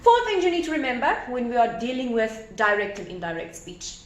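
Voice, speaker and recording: A woman teacher explaining a grammar lesson step by step, animated and repeating key points. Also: fairly high pitch, fairly quick. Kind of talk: recorded grammar lesson at a whiteboard. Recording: echoey room with faint ambience.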